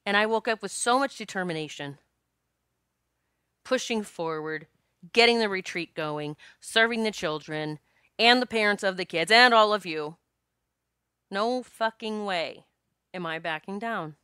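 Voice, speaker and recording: A woman hosting a podcast, telling a personal story in a frank, animated way, swearing and laughing as she goes. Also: mid-range voice, unhurried, long pauses, smooth, dry recording, clean studio sound. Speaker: podcast host.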